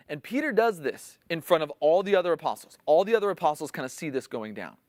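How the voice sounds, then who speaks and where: A man's voice: a little high, expressive, fast, few pauses, a little mellow, dry recording, clean studio sound. A man preaching a sermon in a conversational teaching style, explaining scripture and acting out the quotes with rising intensity. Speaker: pastor.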